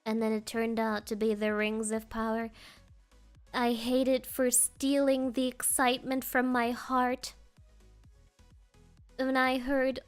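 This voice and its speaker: A woman's voice: on the high side, completely flat delivery, measured pace, clear, resonant tone, faint music behind. A woman streamer chatting casually with her viewers, playful and rambling, often laughing.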